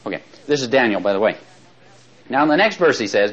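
Man, Bible study teacher, chatty with chuckles, lively pitch, slows down to read verses, dull lo-fi audio. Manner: slows right down when reading verses aloud. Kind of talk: Bible study lecture to a live class. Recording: dull lo-fi recording.

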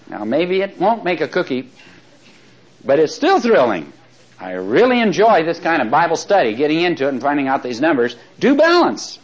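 A male Bible teacher lectures his class in a lively, fairly high voice that rises and falls a great deal. He drops in chatty asides and soft chuckles, then slows down to read scripture. The recording sounds dull and lo-fi. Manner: slows right down when reading verses aloud.

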